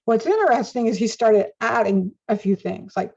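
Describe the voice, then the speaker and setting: An older woman talks as an interview guest, animated and quick to laugh. Her voice sits a little high with a gravelly edge. The recording sounds dull and lo-fi. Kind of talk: conversational interview.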